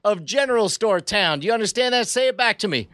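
A man's voice: sits high, expressive, fast talker, a bit bright, no echo, clean studio sound. A man playing a tabletop role-playing game, talking playfully with stammering restarts. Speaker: player. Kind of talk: tabletop role-play chat.

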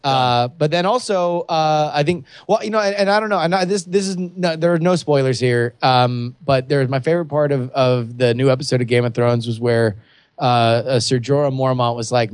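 Excited rambling man, dry close sound. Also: on the high side, brisk, smooth, dry recording. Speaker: podcast co-host. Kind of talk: casual chat.

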